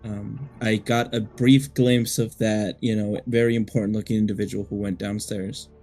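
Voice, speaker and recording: A man's voice: on the low side, level tone, normal speed, warm tone, soft background music. A man from Mexico playing a tabletop game, talking hesitantly with many restarts. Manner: hesitant, lots of fillers and restarts. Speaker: player. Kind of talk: casual tabletop game play.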